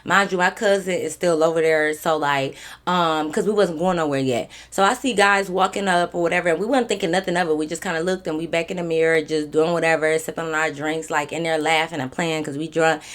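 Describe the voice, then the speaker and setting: A young woman, telling a storytime vlog casually and animatedly, with lots of swearing and fillers. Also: low voice. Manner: animated, profane, conversational with many fillers. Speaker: storytime vlogger.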